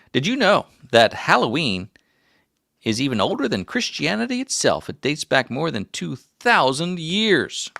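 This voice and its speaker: A man's voice: on the high side, wildly swooping pitch, measured pace, gravelly, pushed and bright, dry recording, pitched above the performer's own voice, exaggerated voice. A man putting on the voice of a folksy old male prospector while reading out trivia. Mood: folksy, hammy.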